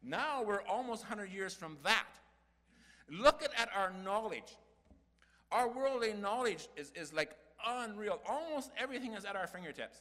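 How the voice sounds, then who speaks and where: Older male preacher, earnest and folksy, lively rising and falling delivery, bright voice, long hall reverb. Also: high-pitched, moderate pace. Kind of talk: sermon.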